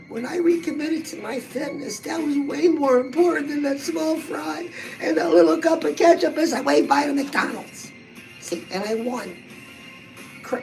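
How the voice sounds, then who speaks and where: Talking straight to her audience, a woman gives cheerful, motivational fitness and weight-loss advice in a chatty vlog. Her voice is high and a bit mellow, though the audio quality is poor.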